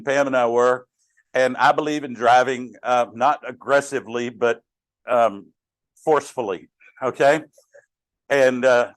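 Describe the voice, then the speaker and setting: A man's voice: medium pitch, no echo. A middle-aged man teaching a Bible class in a conversational way, asking the class questions and joking with them. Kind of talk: interactive Bible study teaching.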